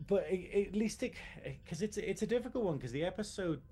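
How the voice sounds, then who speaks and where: A man's voice: high voice, expressive, a little fast, mellow. A man, co-hosting a casual review podcast, talking in an emotional, rambling way with many restarts. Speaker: podcast co-host.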